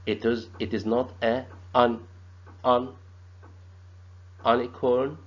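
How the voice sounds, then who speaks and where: Slow, halting male teacher. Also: mid-range voice, little pitch movement. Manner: slow, halting, repeats sounds and words. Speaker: English teacher. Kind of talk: grammar lesson. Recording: dull lo-fi sound.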